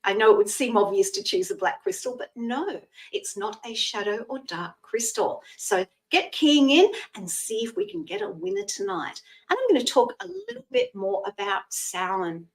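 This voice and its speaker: A woman's voice: fairly high pitch, very animated, normal speed, hardly any pauses, recorded from a distance, poor audio. A woman in her sixties hosting a live psychic reading show, chatty and thanking viewers by name as she explains old traditions.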